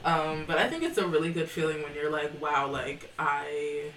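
A woman's voice: low-pitched, expressive, fast, a bit bright, far from the mic. A woman co-hosting a podcast in casual chat, laid-back and easygoing. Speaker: podcast co-host. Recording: roomy, from the mic, faint hiss.

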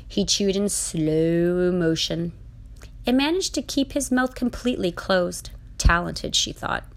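Woman reading a comic story aloud, deadpan, low-pitched and unhurried. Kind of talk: comic short-story narration.

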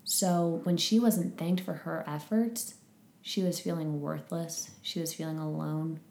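A woman chatting casually and telling a story with lively energy, laughing often. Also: low-pitched, a little slow, gravelly, reverberant. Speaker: podcast guest sharing a conference experience. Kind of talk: casual chat.

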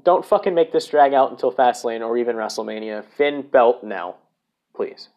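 A man talking alone on a casual podcast, rambling through his picks at a mid-range pitch. He swears freely and keeps interrupting himself to restart his sentences. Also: moderate pace, dull audio. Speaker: podcast host. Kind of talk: casual solo podcast rant.

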